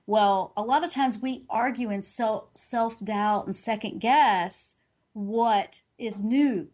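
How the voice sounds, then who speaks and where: A middle-aged woman talks as a guest in an interview. Her voice sits a little high, and she tells her story earnestly and animatedly. She often restarts and corrects herself as she goes. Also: a little mellow. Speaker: guest, intuitive reader.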